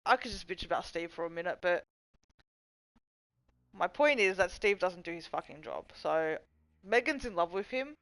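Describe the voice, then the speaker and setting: Smooth-voiced, swearing woman streamer. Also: fairly low pitch, animated, moderate pace, long pauses, fairly bright tone, dry recording, poor audio. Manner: chatty, profane, goofy, reads chat aloud. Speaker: livestream host. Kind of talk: casual rambling livestream chat.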